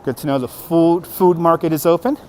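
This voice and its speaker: A man's voice: a little high, steady tone, brisk, darkish tone, a little hiss or hum. A man livestreaming as he walks a city street and into a market, chatting to viewers and laughing often, recorded on a phone on a handheld gimbal. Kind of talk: live walking stream commentary.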